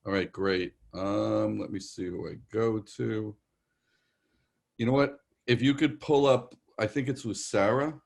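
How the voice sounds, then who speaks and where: Low-voiced man with a New York accent. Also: fairly even intonation, unhurried, creaky, a little mellow. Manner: rambling, reassuring, relays messages in quotes. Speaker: psychic medium. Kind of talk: live virtual show readings.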